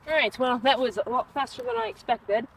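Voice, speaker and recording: A woman's voice: fairly high pitch, brisk, slight background noise, low-quality recording. A young woman talking her way through a round of golf, chatty and coaching herself over each shot. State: out of breath from running between shots. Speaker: golf vlogger. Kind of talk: casual self-narrated golf vlog. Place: outdoor golf course at dusk.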